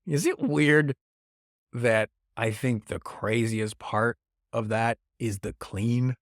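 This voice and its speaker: A man rambles through upbeat news with jokes and self-mockery. His pitch swings lively from phrase to phrase, and he sits close to a podcast mic in a dry, dead room. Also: a little slow, no echo. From Canada. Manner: rambling, joking, self-deprecating. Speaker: podcast host. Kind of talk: casual comedic news talk. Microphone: podcast microphone.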